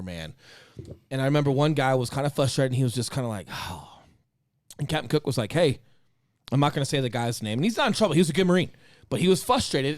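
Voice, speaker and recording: Man, ex-Marine podcast guest, casual profane storytelling, mid pitch, dry close sound. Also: dry recording. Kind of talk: casual chat.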